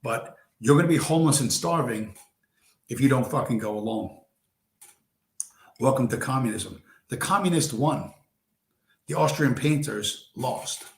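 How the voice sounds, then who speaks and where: Man, livestream host, profane and blunt, voice wearing out, mid pitch, roomy echo. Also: expressive, measured pace, vocal fry, pauses often. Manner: crude, profane and blunt, talks straight at his viewers. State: losing his voice. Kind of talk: profane late-night stream rant. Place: home room with a squeaky chair.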